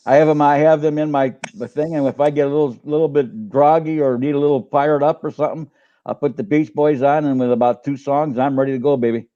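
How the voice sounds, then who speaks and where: A man's voice: on the high side, steady tone, fast talker, warm tone, dull audio. An older man who works as a coach, chatting on a live stream in a rambling way with many restarts. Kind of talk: casual live-stream chat.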